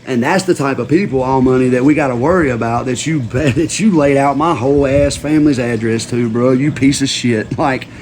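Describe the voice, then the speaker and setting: A male livestream host rants hard, swearing freely, using slang and repeating the same phrases for emphasis. His voice is at an ordinary middle pitch with a darkish tone, and faint hiss runs beneath it.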